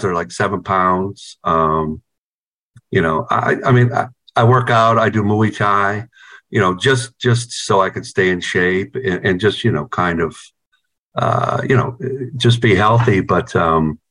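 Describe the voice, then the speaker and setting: Rambling, profane man with a low voice. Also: unhurried, fairly bright tone. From New York. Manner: profane, rambling, repeats words. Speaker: guitarist in a band, interviewee. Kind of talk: casual storytelling over video call. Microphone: video call.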